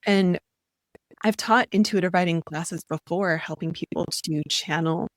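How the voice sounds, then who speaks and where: A woman's voice: fairly low pitch, a little slow, dry recording. Earnest woman guest in conversation. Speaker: podcast guest. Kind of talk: casual interview chat.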